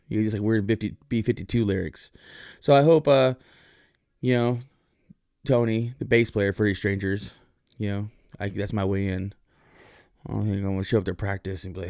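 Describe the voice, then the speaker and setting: A man's voice: lowish voice, fairly quick, darkish tone, no echo, studio quality. A man hosting a podcast, talking in a loose, profane, rambling monologue full of fillers. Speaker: podcast host.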